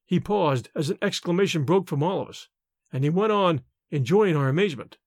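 A man narrating a novel aloud in an expressive storytelling manner. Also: on the high side, brisk, no echo, studio quality. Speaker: audiobook narrator. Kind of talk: scripted narration.

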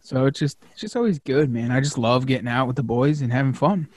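A man hosting a casual hunting podcast, talking excitedly with lots of fillers and the odd curse word. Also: medium pitch, fast talker, husky, dry recording. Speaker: podcast host.

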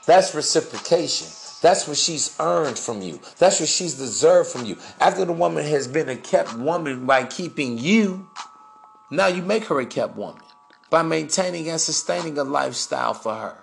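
Man, podcast host, casual monologue, preachy and cussing, slightly high pitch, light music bed. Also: animated, normal speed, gravelly. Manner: blunt, profane, preachy, slangy.

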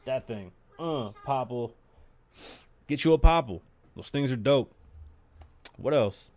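A man's voice: mid-range voice, slow pace, no room sound. A man hosting his own podcast, talking casually and profanely and telling stories with lots of energy. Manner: profane, animated storytelling. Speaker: podcast host.

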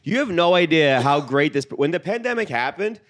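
Podcast co-host: man, fast joking banter, pitch a touch high. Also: lively intonation, fairly bright tone. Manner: quick, joking, repeats himself. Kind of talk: casual banter.

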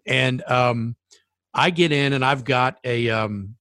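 A man's voice: mid-range voice, takes it slowly, noisy background. A man casually telling a long anecdote, with many ums and uhs along the way. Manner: rambling anecdote with many fillers. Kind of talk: casual storytelling.

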